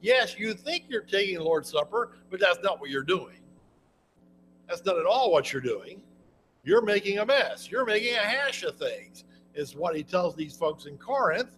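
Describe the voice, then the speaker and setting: A man's voice: high-pitched, big pitch swings, normal speed, fairly bright tone, rough recording. A man preaching a Bible lesson in a folksy, conversational way, often restarting his sentences. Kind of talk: sermon, Bible class teaching.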